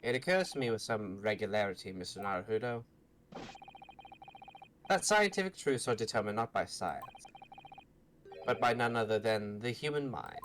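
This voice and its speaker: A man's voice: lowish voice, animated, normal speed, long pauses, a bit bright, slight background noise. Sholmes, a man putting on a grand Victorian detective. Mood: grandiose. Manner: formal, theatrical, old-fashioned phrasing. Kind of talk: reading game dialogue aloud with friends.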